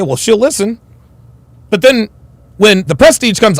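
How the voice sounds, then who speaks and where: A man's voice: very high voice, expressive, fairly quick, a bit bright, dry recording. A man hosting a reaction commentary, slangy and swearing, talking over a clip.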